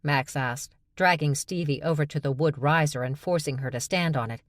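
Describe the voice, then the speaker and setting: Low-voiced woman reading an audiobook. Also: normal speed, few pauses, no room sound, studio quality. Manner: reads all characters with voices. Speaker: audiobook narrator. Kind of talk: scripted audiobook narration.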